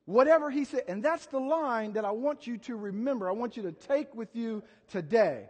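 A man's voice: very high-pitched, lively intonation, normal speed, hardly any pauses. A man preaching a sermon in a casual, chatty way, telling stories and acting out quotes with volunteers. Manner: chatty, storytelling with acted quotes and audience volunteers. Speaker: pastor. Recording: long reverb of a church hall.

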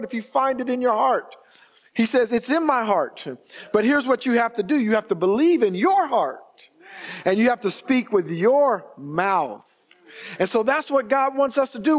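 A man preaching a sermon, reading scripture slowly and calling on the congregation to respond. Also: very high-pitched. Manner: reads scripture slowly and emphatically. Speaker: pastor.

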